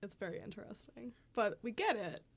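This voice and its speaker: A young woman, an English teacher, chatting casually on a podcast, laughing and swearing as she tells animated stories. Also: mid-range voice, a little fast, vocal fry, slightly rough. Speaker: guest, English teacher in Japan.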